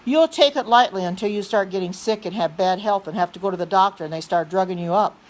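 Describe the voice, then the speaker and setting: A woman's voice: mid-range voice, fast talker. Earnest woman preaching on a livestream. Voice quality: frequent throat clearing. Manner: insistent, repeats herself, restarts sentences. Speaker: livestream host reading chat.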